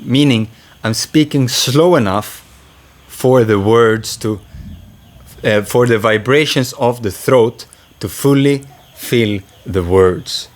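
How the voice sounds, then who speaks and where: A man with a mid-range voice leads a slow, unhurried lesson on breath and voice. He speaks gently and stops to let breaths and sighs be heard. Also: mid-range voice. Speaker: voice and breathwork teacher. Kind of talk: calm spoken lesson.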